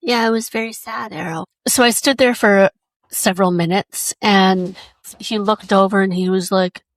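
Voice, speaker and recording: A woman's voice: mid-range voice, steady tone, normal speed, dry recording. A woman hosting a solo podcast, telling a personal story in a chatty, emotional way. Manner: chatty and emotional, acts out quoted voices. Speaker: podcast host.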